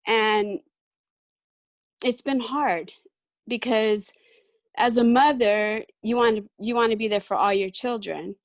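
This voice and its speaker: A middle-aged woman speaks over a video call in an even, mid-pitched voice. The sound is dry and close, with no room around it. She shares a personal testimony, halting and emotional, with many ums and restarts. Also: dry recording. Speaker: guest speaker.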